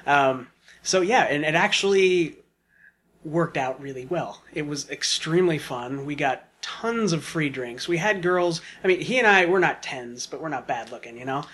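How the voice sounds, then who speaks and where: Bright-voiced man telling a rambling story. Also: a little high, animated, normal speed. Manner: rambling, many fillers and asides. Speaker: podcast guest. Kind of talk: casual storytelling.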